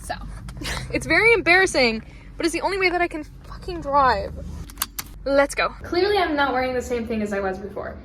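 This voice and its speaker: A woman's voice: high-pitched, lively intonation, fairly quick, fairly bright tone. A young woman in her twenties chatting casually to the camera in a vlog, swearing now and then. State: out of breath. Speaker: vlogger. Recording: noisy background.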